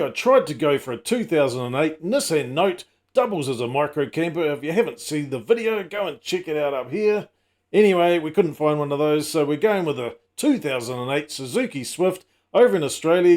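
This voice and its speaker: A man's voice: fairly high pitch, a little mellow. A middle-aged man hosting a casual comedy vlog, full of wry, self-mocking asides and teasing jokes. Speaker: channel host.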